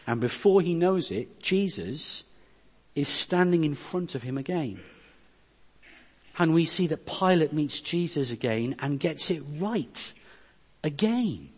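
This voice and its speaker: A man's voice: high-pitched, a little mellow. A man preaching a sermon, reading scripture verses aloud and explaining them, his delivery rising and dropping in force. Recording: long reverb of a hall.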